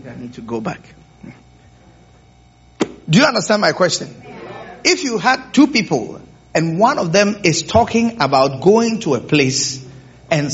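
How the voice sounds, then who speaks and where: A man preaching a sermon to a congregation, often stopping to ask whether they understand, on a dull lo-fi recording. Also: a little high. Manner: keeps checking in with the congregation with rhetorical questions.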